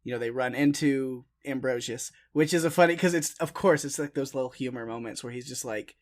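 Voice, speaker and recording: A man's voice: medium pitch, fairly quick. Easygoing male podcast co-host. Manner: relaxed, rambling, frequent fillers and laughs. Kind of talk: casual film discussion.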